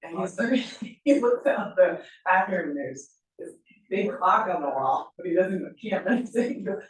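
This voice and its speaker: A woman's voice: fairly low pitch, moderate pace. Laughing woman chatting in a roomy hall. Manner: laughs often, animated storytelling. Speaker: workshop attendee. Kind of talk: casual chat. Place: event room. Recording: roomy echo, distant mic.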